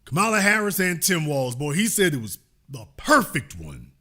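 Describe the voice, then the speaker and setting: A man's voice: a little high, wildly swooping pitch, sharp tone. A man hosting a political commentary show, talking in a folksy, teasing way. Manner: folksy, teasing, drawn-out remarks. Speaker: show host.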